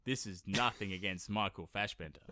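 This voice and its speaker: A young man hosting a podcast, chatting casually and acting out film characters in quick impressions. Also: on the low side, noisy background. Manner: animated, mimics film characters mid-story. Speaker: podcast host. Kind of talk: casual comedic chat.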